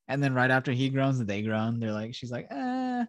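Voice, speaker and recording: A man's voice: mid-range voice, steady tone, a little fast, fairly bright tone, no echo, studio quality. A man hosting a casual podcast, animatedly retelling a film scene by scene, acting out the characters and swearing freely. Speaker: podcast host.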